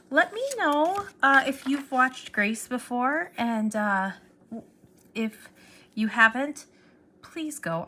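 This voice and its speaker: A woman's voice: mid-range voice, fairly bright tone, a little hiss or hum. A woman on her vlog, gushing in casual chat and often dropping to a whisper, moved to tears. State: tearful. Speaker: stationery YouTuber.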